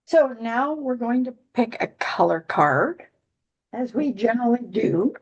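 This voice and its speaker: Higher-voiced woman musing about astrology. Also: very animated, muffled recording. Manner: rambling, halting with many restarts; dry humor, giggly. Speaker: astrology podcast host. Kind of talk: casual astrology chat.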